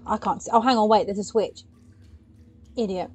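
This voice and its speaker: A woman giving gaming commentary, excitably urging her character on and yelping at scares. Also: medium pitch, moderate pace, a little hiss or hum. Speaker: let's play gamer.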